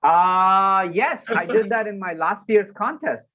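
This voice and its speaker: A man, a public speaking coach, talking casually in an interview and acting out moments with sudden loud exclamations. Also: high voice, unhurried, dull audio.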